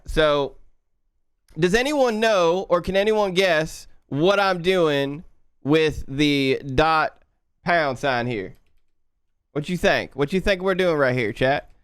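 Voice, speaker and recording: A man's voice: on the high side, smooth, dry recording, studio quality. A man putting on an exaggerated Southern redneck accent while live coding and talking to his chat. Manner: loud, playful, drawling, talking to chat. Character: exaggerated Southern redneck coder, male, boastful and folksy. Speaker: livestreaming programmer.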